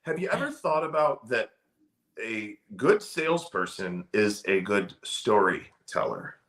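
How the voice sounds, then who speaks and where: A man's voice: fairly low pitch, very animated, unhurried, a bit bright. A middle-aged man, a sales trainer, talking casually in an interview with an emphatic, storytelling delivery.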